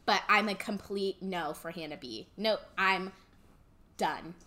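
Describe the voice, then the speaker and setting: A woman's voice: medium pitch, unhurried, bright, forceful tone. A young woman co-hosting a casual chat, blunt and emphatic in her opinions. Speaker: co-host.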